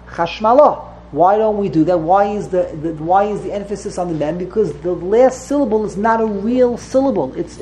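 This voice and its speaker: A woman's voice: mid-range voice, mellow, slight background noise, low-quality recording. A woman teaching a religious text class to students, explaining patiently and often repeating and correcting herself.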